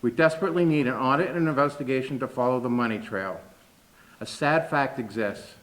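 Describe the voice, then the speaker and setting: A man giving a measured, deliberate public comment at a meeting. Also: medium pitch, a bit bright, low-quality recording. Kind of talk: prepared public statement.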